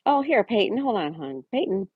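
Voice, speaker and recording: A woman's voice: mid-range voice, very animated, a little fast, breathy edge, no echo, narrow, tinny audio. A woman hosting a casual livestream, chatting and reading out viewers' messages and greeting them by name. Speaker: livestream host. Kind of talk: casual live-chat reading.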